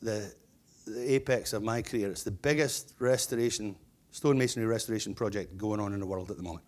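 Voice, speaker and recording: A man's voice: lowish voice, a little fast, a little mellow. A middle-aged man, a stonemason and business owner, giving a keynote speech full of humorous anecdotes and chatty restarts.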